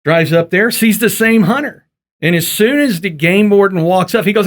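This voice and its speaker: A man's voice: sits high, normal speed. A man hosting a casual podcast interview, folksy and joking. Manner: folksy and joking, loose with fillers. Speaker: podcast host.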